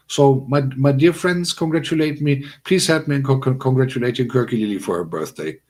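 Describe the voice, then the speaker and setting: A man hosting a casual livestream, chatting with viewers in a rambling, animated way with frequent restarts and chuckles. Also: brisk. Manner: bursts of high-pitched excitement. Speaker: livestream host. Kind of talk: casual livestream chat, talking to chat.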